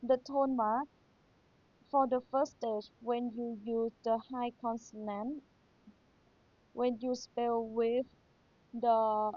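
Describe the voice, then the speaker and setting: A woman teacher with a Thai accent and a fairly high, warm voice patiently reviews material for an exam, repeating key points. The recording is dry, with a dull lo-fi sound.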